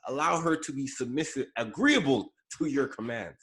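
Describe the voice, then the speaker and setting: This podcast co-host has a medium-pitched, fairly bright voice and an expressive delivery at normal speed. He chats casually about celebrity gossip, full of fillers and self-corrections.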